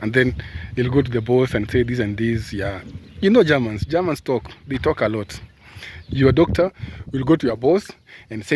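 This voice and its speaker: A man's voice: medium pitch, lively intonation, moderate pace, a little mellow, slight background noise. A man from Kenya talking casually on a vlog, rambling with lots of fillers and restarts as he gives advice, filmed outdoors on a phone held at arm's length. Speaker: caregiver vlogger. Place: outdoors in sunshine. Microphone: phone camera at arm's length.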